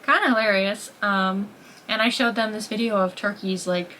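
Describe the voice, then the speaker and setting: A young woman with a Massachusetts accent talks to her viewers from home, bubbly and exclamatory, leaning on "like" at every turn. Her voice sits at an ordinary middle pitch, with a faint hum of noise behind her. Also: normal speed. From Massachusetts, USA. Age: 20s. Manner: excitable, heavy use of "like", exclamatory. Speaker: vlogger. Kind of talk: casual chat to camera. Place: at home, later in her kitchen.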